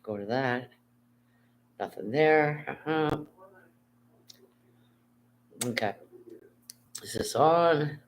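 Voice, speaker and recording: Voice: medium pitch, drawn-out words, long pauses, slight background noise. A live streamer in casual chat, rambling and reading viewer comments aloud, talking from bed into a phone held in hand. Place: at home, lying in bed.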